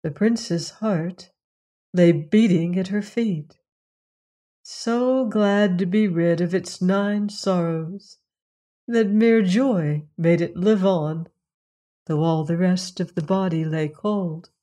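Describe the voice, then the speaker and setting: Slow, low-voiced woman reading a fairy tale. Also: dark tone. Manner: measured, solemn fairy-tale telling. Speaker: narrator. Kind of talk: storybook reading.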